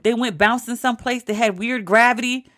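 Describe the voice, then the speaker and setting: Animated woman podcast host, dry close sound. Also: fairly high pitch, a little fast, dry recording. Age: 40s. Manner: animated, emphatic storytelling with repetition. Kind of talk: casual solo podcast talk.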